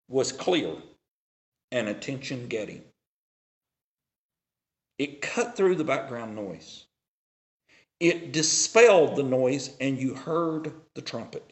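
Slow, lively-voiced male preacher. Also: on the high side. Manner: slow, deliberate preaching with dramatic pauses and swings in loudness; reads scripture aloud in a raised, declaiming voice. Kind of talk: sermon.

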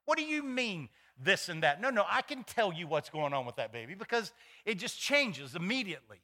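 A man's voice: high voice, brisk. A middle-aged male pastor preaching a sermon in a folksy, storytelling way, acting out the people in his stories. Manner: animated, acts out voices in his stories; folksy, many fillers and restarts.

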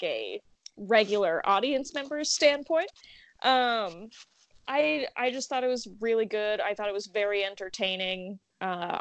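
A woman's voice: medium pitch, no room sound. A young woman, a podcast guest, chatting casually and poking fun at herself with frequent laughs. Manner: self-deprecating, laughs often. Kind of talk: casual chat.

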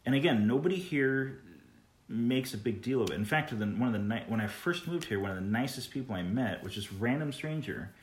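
A man's voice: medium pitch, animated, fairly quick, slight background noise. A young man from California chatting casually as a podcast host, rambling and restarting his sentences. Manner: rambling, repeats words, restarts often. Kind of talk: casual chat. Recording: echoey room.

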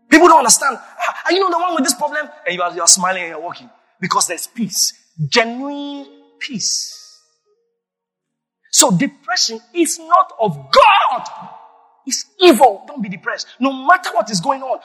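A man's voice: high voice, slightly rough. Emphatic preaching man in echoing hall. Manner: emphatic preaching, sudden shouts. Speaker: pastor. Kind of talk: sermon. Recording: long reverb of a large hall.

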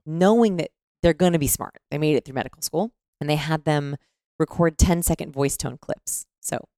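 A woman with a low, gravelly voice explains things conversationally, breaking into voice demonstrations mid-sentence. The sound is close and dry, with no room around her. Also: moderate pace, mellow, dry recording.

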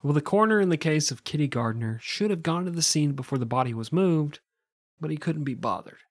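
A man's voice: a little high, lively intonation, fairly quick, no echo, clean studio sound. A man casually telling a true crime story on a podcast, joking and swearing and laughing often.

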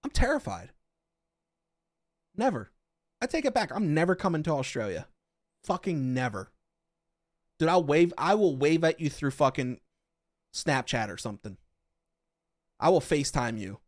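A man from Western Pennsylvania hosting a podcast, chatting casually with his viewers in loud, profane, excitable rants. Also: a little high, moderate pace, long pauses, no room sound, studio quality. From Western Pennsylvania, USA. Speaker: podcast host. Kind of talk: casual chat with live chat.

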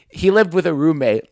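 Animated, giggly young man. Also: fairly high pitch, dry recording, clean studio sound. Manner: animated, swearing, giggling, mimics voices in stories. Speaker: podcast co-host. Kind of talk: casual storytelling chat.

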